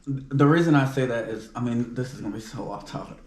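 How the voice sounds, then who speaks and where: A man talking in relaxed casual chat, drifting into rambling asides. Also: mid-range voice, fast, echoey room.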